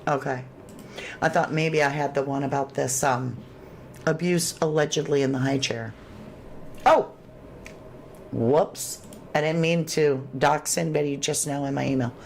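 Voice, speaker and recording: A woman's voice: low-pitched, steady tone, a little slow, vocal fry, pauses often, darkish tone, a little hiss or hum. A woman hosting a true crime livestream, reading chat aloud and reacting with sudden exclamations. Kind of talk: casual livestream commentary.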